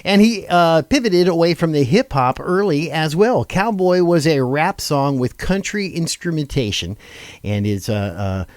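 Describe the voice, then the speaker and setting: Lively halting male radio host. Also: on the high side, dry recording. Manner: halting, many fillers and restarts, laughs often. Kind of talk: casual chat reading a list.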